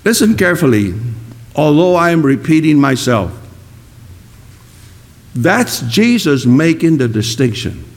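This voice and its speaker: A man preaching a sermon, slow and emphatic, repeating key words for weight. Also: sits high. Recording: long reverb of a hall.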